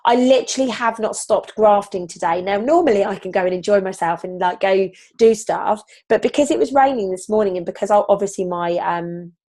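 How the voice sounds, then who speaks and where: A slightly husky woman, leading a motivational team training on a video call from home, animated and casual, with the odd swear word. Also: medium pitch, brisk, hardly any pauses. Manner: animated, swearing, upbeat pep talk. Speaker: team leader.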